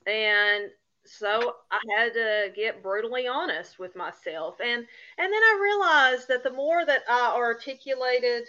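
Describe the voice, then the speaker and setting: A woman's voice: on the high side, measured pace, sharp tone, lo-fi sound. A woman from Appalachia in the United States, a guest on a podcast, chatting casually and laughing often at herself. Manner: laughs often, self-deprecating.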